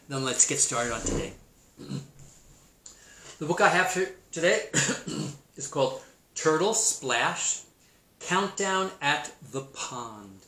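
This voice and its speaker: Playful teacher in an echoey room. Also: male voice, mid-range voice, pushed and bright. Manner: playful, chatty, laughs at himself. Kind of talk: online math lesson with read-aloud. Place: Seattle.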